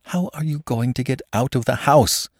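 A man voicing a frightened, tearful young woman in a spoken storybook, pitched high and breathless. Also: normal speed, no echo, clean studio sound, natural voice.

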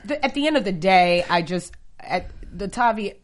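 A woman's voice: medium pitch, lively intonation, normal speed. A woman on a casual panel who talks animatedly, laughs often and acts out quotes from others.

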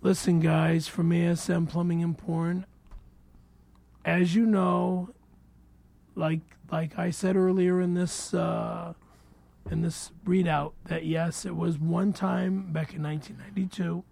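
A man reading ads on a comedy podcast, halting and stammering, nervous and repeating himself. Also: a little high, flat delivery, creaky, darkish tone, no room sound. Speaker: show regular reading ads. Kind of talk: casual comedic podcast banter.

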